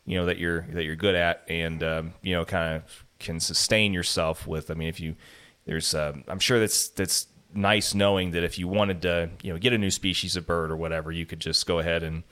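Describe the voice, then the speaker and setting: A man's voice: deep voice, fairly even intonation, fairly quick, a bit bright, clean tone. A man hosting a casual interview, rambling with lots of "you know" and "um" fillers. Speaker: podcast host.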